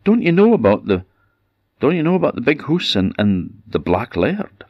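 A Scottish man voicing a nervous male undertaker's lad in a spoken folk tale, talking in a hushed, uneasy way. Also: medium pitch, sing-song, moderate pace, no echo, muffled recording, pitched above the performer's own voice.

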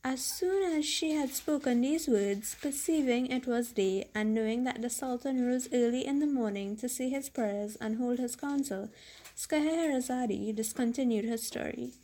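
A woman who hosts a story podcast, reading a classic tale aloud in a measured, steady way. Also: fairly high pitch, poor audio. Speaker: story reader.

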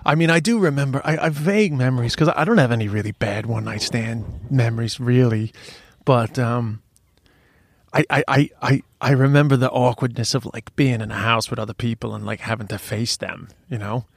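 A man's voice: medium pitch, fairly quick, vocal fry, dry recording. Frank man, dry close podcast sound. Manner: frank, sweary, many restarts. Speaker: podcast co-host. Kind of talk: casual chat.

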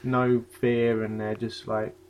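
A man's voice: mid-range voice, flat delivery, takes it slowly, a little mellow. A man in his twenties tells a story in casual chat, laughing along and acting out the voices of the people in it. A faint hiss sits under the recording. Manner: laughing storyteller, acts out quotes.

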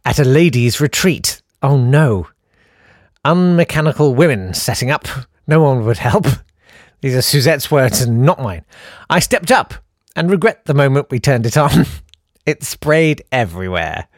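Animated man reading listener messages. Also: medium pitch, a little slow, dry recording, clean studio sound. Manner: animated, self-deprecating, reads messages aloud with mock-dramatic voices. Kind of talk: casual chat.

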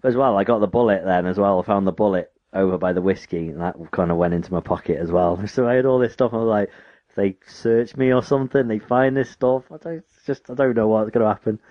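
Brief: man, low voice, animated storyteller, dull dry recording. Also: quick pace, no room sound. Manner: animated, acts out quoted lines in character voices. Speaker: storyteller recounting an immersive horror experience.

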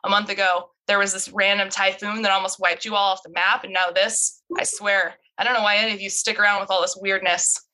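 A sardonic male police detective, needling and wry, voiced by a woman reading the script. The delivery is bright and forceful. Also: mid-range voice, level tone, a little fast, hardly any pauses, lightly acted, poor audio.

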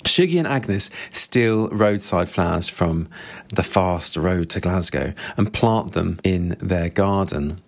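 Guy with a lowish voice going through a novel's plot, reading bits out, steady and plain. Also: takes it slowly. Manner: steady, plain retelling with quoted passages. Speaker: book reviewer. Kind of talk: book summary with read-out quotes.

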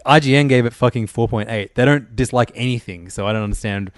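Laid-back male podcast co-host, mid-pitched, easygoing, dry studio sound. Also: fast talker, dry recording. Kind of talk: casual chat.

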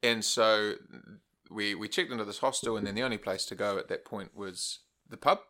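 Bright-voiced man telling a yarn. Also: lowish voice, moderate pace. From New Zealand. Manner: relaxed storytelling, laughs often. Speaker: podcast co-host. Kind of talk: casual chat.

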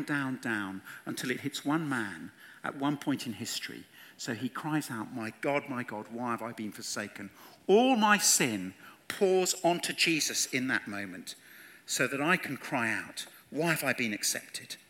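A man preaching an evangelistic sermon, earnest and pleading, swinging from hushed words to loud ones. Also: medium pitch. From England. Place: church hall with audience.

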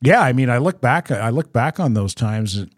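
A man's voice: medium pitch, lively intonation, moderate pace, no echo, clean studio sound. A man from Fredericton co-hosting a podcast, chatting in a reflective, easygoing way. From Fredericton, Canada. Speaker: podcast co-host. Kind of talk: casual chat.

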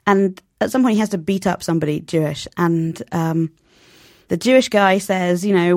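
A woman speaks as a novelist guest in an interview, lively and animated, slipping into quoted voices. Her voice carries a gravelly edge. The sound is dry and close. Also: lowish voice, moderate pace, no echo. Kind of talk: conversational interview.

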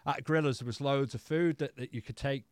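A man who is a podcast guest, telling stories in casual chat, animated and swearing freely. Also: medium pitch, fairly quick, no room sound, clean studio sound. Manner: animated, swears freely, acts out remembered dialogue.

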